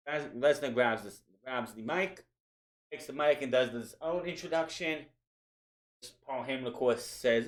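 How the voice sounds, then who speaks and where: A man's voice: mid-range voice, measured pace, fairly bright tone. A man reviewing a wrestling show in a casual, opinionated recap, often restarting his sentences. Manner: conversational, opinionated, with frequent restarts.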